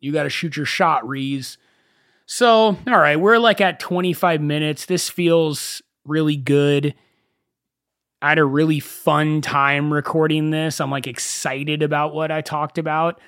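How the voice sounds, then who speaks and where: A young man hosting a casual solo podcast, telling stories in an animated way and swearing freely. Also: on the high side, a little slow, clean tone, no echo, clean studio sound. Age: young adult. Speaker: podcast host.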